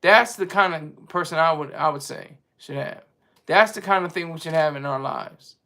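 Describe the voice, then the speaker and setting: A man with a high, bright, sharp-edged voice talks loosely to his live-stream chat. He wanders from point to point with firm opinions and pauses now and then to hunt for a word. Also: gravelly. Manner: rambling and opinionated, searching for words mid-sentence. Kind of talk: casual monologue.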